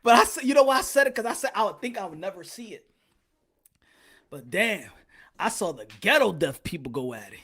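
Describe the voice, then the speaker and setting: A man with a high, bright voice tells stories on a podcast, his pitch swinging up and down as he laughs and swears. The talk is loose, casual and full of slang. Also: a little fast, slightly rough. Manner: animated, profane, laughing often. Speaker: podcast host. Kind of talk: casual storytelling.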